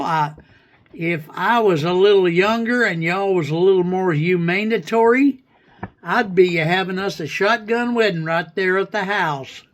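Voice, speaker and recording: A man's voice: high-pitched, a bit bright, full character voice. A man voicing a folksy, flirty hillbilly who makes up words, with a put-on Southern hillbilly accent, bantering on a livestream. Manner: drawling, rambling, coins fake words.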